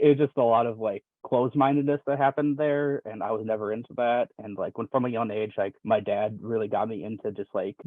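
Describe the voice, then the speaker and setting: A man's voice: medium pitch, dry recording. A young man from Wisconsin chatting casually as a podcast guest, rambling with lots of fillers and restarts. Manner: rambling, many fillers and restarts, laughs often. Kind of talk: casual chat. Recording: dry, tinny phone-like line.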